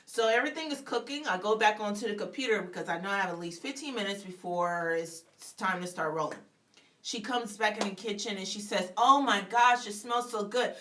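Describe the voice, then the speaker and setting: A woman's voice: medium pitch, a little fast, a bit bright, a little hiss or hum. A woman shares a faith testimony as a radio guest, speaking emphatically. She builds her points with preacher-like repetition. She slips into the voices of the people in her story as she goes. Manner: emphatic, storytelling, acts out dialogue. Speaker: author and public speaker, guest.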